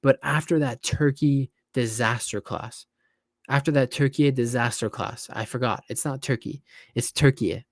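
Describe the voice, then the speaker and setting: A young man giving casual, opinionated football reaction commentary, tired and animated by turns and often repeating himself. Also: mid-range voice, normal speed, no echo, studio quality. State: tired, yawning.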